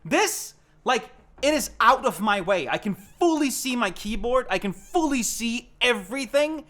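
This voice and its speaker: A young man casually chatting on a live stream from his home setup, gushing and excitable and swearing freely. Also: extremely high pitch, measured pace.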